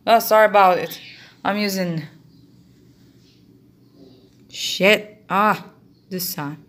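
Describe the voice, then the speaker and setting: A woman's voice: medium pitch, slow pace. A young woman with a Brazilian accent, a native Portuguese speaker, vlogging casually and coaxing her pets with affectionate baby talk.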